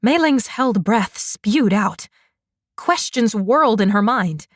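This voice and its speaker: A woman narrating a fantasy romance audiobook in a measured, unhurried manner. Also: fairly high pitch, expressive, no echo, clean studio sound.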